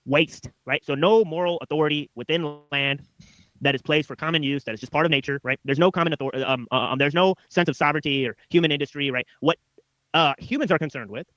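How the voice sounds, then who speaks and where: A man's voice: a little high, fast, a bit bright, no room sound. A male host of a live stream, reading philosophy texts and commenting on them in a rambling way, tagging nearly every phrase with "right?".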